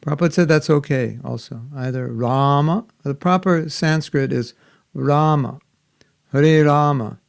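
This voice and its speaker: An older man teaching children in an online class, gentle and patient, often asking them questions. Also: fairly high pitch, normal speed, creaky. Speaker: spiritual teacher. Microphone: video call.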